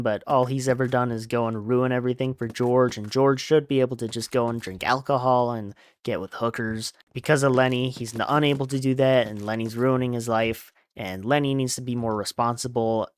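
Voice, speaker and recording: A man's voice: mid-range voice, steady tone, a little fast, smooth. A man hosting a podcast, casually retelling a novel in a chatty way. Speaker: podcast host.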